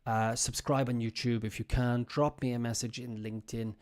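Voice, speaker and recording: A man's voice: mid-range voice, flat delivery, moderate pace. A man hosting a casual livestream English lesson, patiently repeating words and phrases for learners in a loose, chatty way. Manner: loose and chatty, many fillers. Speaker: English teacher and stream host.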